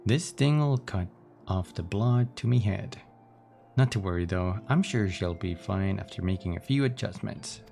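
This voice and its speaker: A man voicing a jovial, burly, rough-spoken sailor who says "ye" and "me". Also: deep voice, expressive, unhurried, warm tone, soft background music, full character voice. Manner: folksy, dropped words like "ye" and "me head".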